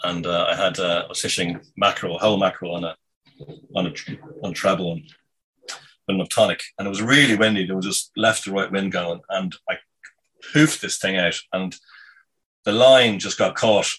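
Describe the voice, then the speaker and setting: A man telling a casual anecdote in a meandering, halting way, full of ums and restarts. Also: low voice, steady tone, fairly bright tone, slightly rough, poor audio. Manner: meandering, halting, many fillers. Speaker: storyteller.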